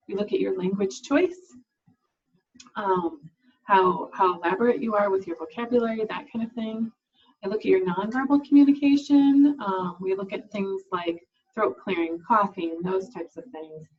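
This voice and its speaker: A woman's voice: medium pitch, darkish tone, breathy edge, lo-fi sound. A woman speech language pathologist giving an explanatory talk to camera, with frequent fillers and restarts.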